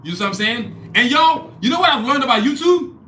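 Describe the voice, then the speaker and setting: High, hyped man selling his art live. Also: expressive, brisk, sharp tone, reverberant, a little hiss or hum. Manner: hyped, repeats phrases, talks straight to viewers. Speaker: artist hosting a live stream. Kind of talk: casual sales pitch on a live stream. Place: indoor studio, clothing hanging behind him.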